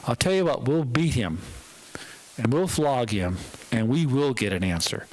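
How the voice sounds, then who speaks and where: A man playing a baffled, gruff Roman army commander who cannot make sense of a riot. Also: mid-range voice, expressive, moderate pace, a little mellow, voice pushed down, lightly acted, poor audio. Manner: exasperated, puzzled.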